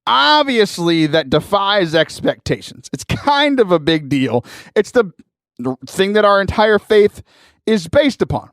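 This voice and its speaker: Animated man telling a story. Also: high voice, measured pace, no echo, clean studio sound. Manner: animated, laughing often, mimics voices in anecdotes. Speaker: podcast host. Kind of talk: casual storytelling.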